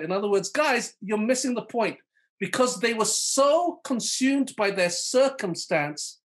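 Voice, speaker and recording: Man preaching with lots of "okay?". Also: high voice. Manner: punctuates points with frequent "okay?" and "all right?" check-ins; addresses listeners by name. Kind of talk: sermon. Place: live online church service.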